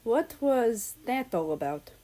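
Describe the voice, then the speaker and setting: A woman reads a calm, easygoing man from a storybook. His lines come soft and relaxed, slow and mellow, never pushed. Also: on the high side, voice pushed up, low-quality recording. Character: calm, easygoing male personified country.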